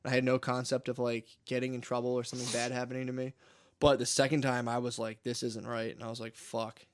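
A man's voice: medium pitch, completely flat delivery, quick pace. A man co-hosting a podcast, telling a long story in casual chat, swearing often and laughing as he goes. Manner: profane, laughing, rambling. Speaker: podcast co-host.

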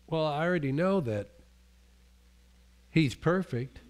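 A man's voice: fairly high pitch, expressive, a little slow. A male pastor preaching a sermon in a conversational way, often restarting his sentences and acting out the voices he quotes.

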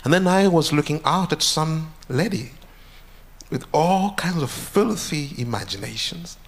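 Earnest pastor, higher voice. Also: male voice, expressive, unhurried. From Uganda. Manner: earnest, repeats phrases with rising intensity. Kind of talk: testimony sermon.

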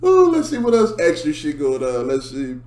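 A man's voice: on the high side, wildly swooping pitch, darkish tone, echoey room. A man hosting a reaction video, talking casually between clips and laughing hard. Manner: laughs hard, drawling slow asides.

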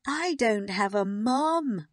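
A woman's voice: a little high, animated, slow pace, no echo, clean studio sound, voice pushed up. A woman voicing a spoiled little girl who wails in a storybook reading. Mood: crying. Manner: wailing.

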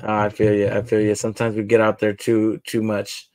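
Gravelly laid-back man hosting a livestream. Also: fairly low pitch, completely flat delivery, fairly quick, darkish tone, dry recording. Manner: laid-back, chatty, talks to viewers. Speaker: livestream host. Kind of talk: casual livestream chat while building.

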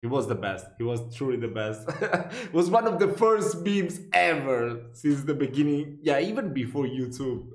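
A man's voice: fairly high pitch, moderate pace. Laughing Italian man in a roomy space. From Italy. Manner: laughs often, excitable. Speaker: video reactor. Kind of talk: casual reaction commentary. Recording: roomy echo.

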